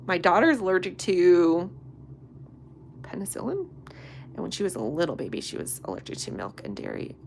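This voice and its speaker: A woman in her thirties talks through a live crafting session in a casual, bubbly way, greeting viewers by name. She often drops into soft, half-whispered asides. Faint room noise sits behind her voice. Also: on the low side. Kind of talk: casual live-stream chat while sculpting.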